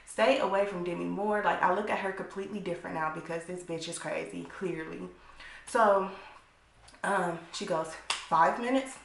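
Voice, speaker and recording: A woman's voice: lowish voice, steady tone, normal speed, vocal fry. A young woman casually recapping a TV episode for her channel, chatty and blunt, with frequent profanity and lots of "like". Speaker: YouTuber reviewing a TV episode. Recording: echoey room.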